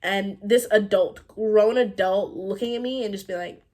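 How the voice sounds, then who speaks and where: A teenage girl telling a personal storytime in a chatty, animated way, full of "like" and quick laughs. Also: medium pitch. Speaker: vlogger. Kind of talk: storytime vlog.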